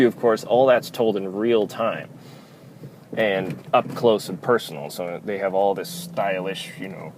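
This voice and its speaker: A man's voice: deep voice, noisy background. A man giving casual spoken commentary on a book and its film, in a loose, rambling way full of filler phrases. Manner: loose, rambling delivery full of "kind of" and "you know".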